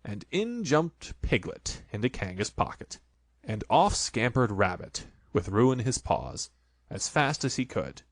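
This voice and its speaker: A man narrating a children's storybook in an expressive, lively way. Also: medium pitch, a little slow, no echo.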